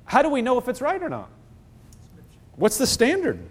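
A man's voice: very high-pitched, huge pitch swings, normal speed, husky. A man preaching a sermon as pastor, emphatic, throwing rhetorical questions at the congregation.

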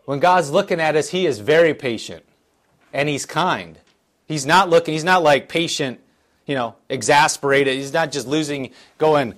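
A middle-aged male pastor delivering a sermon in church, his voice sitting a little higher than most men's. He reads scripture slowly and with weight, then drops into plain, earnest explanation full of small restarts. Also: a bit bright. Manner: earnest, conversational preaching with frequent restarts and scripture reading.

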